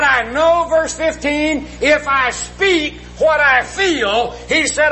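A man's voice: very high voice, bright, forceful tone, a little hiss or hum, poor audio. A middle-aged man preaching a sermon, earnest and folksy, often asking the congregation questions.

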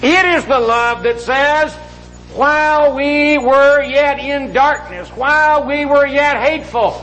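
A middle-aged man preaching a sermon, slowly drawing out scripture and then rushing through quick asides. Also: very high-pitched, pushed and bright, faint music behind, rough recording.

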